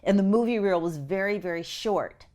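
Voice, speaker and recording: A middle-aged woman telling a personal story as an interview guest, animated and acting out what others said. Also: moderate pace. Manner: animated, acts out quotes with big pitch jumps.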